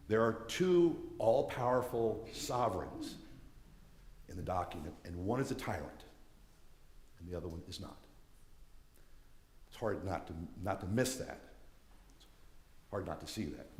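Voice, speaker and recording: Man, low voice, earnest lecturer who restarts phrases; reverberant church hall sound.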